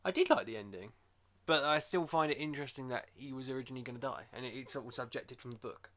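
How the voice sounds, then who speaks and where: A man's voice: medium pitch, fast, a bit bright. A man with a sore throat, rambling and joking as a podcast co-host in casual chat. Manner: jokey, rambling, breaks into silly voices.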